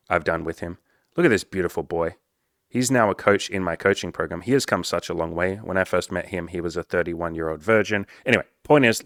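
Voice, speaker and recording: Low-voiced, profane man telling a story. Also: dry recording, studio quality. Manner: casual, profane, self-mocking, quotes people in lively voices. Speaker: dating and self-improvement coach. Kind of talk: candid personal storytelling to camera.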